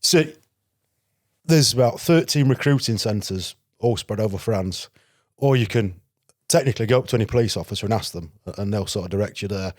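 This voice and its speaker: A man's voice: fairly low pitch, fairly quick, no room sound, studio quality. A man from North Yorkshire with a Yorkshire accent, a podcast guest telling stories of his past in a chatty, anecdotal way and acting out quoted exchanges. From North Yorkshire, England. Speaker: guest, former legionnaire. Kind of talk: casual storytelling interview.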